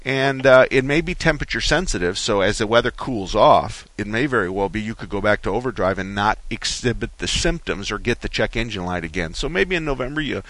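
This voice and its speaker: A man hosting a call-in car repair radio show, explaining things slowly and folksily with frequent restarts. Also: lowish voice, expressive, fairly bright tone, no room sound.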